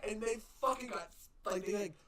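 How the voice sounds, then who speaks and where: A young man co-hosting a podcast in casual chat, animated and profane, acting out TV scenes. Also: a little fast. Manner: animated, profane, acts out scenes in shrill voices. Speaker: podcast co-host. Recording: faulty mic with crowd noise behind.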